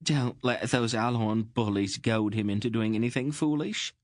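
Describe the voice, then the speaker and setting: A man's voice: mid-range voice, moderate pace, no room sound, voice pushed up, lightly acted. A plump little queen, fretful and close to tears, speaks in a raised, pleading voice, as a male audiobook reader puts her on. She sounds small and anxious, and the recording is dry and close. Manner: pleading, emotional. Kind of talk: audiobook character voice.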